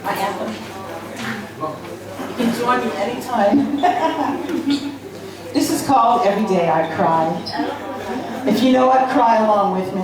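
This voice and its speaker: Female spoken word poet on a cafe stage, unhurried, playful, captured in a boomy room away from the mic. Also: a crowd in the background. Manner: playful, laughing, sings la-la refrains. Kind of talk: live poetry performance. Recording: echoey room, mic from far off.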